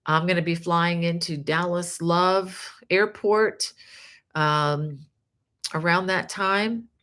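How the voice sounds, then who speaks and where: Low-voiced woman hosting a crochet livestream. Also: fairly even intonation, takes it slowly, fairly bright tone. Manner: chatty, friendly, many fillers. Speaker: crochet teacher and livestream host. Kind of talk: casual live-stream chat.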